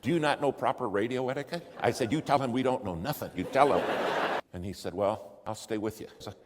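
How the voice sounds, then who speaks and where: A man's voice: mid-range voice, fairly quick, heavy background noise. A man preaching in a storytelling way, animating the voices in his story, recorded in a large hall. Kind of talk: storytelling sermon. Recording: long hall reverb.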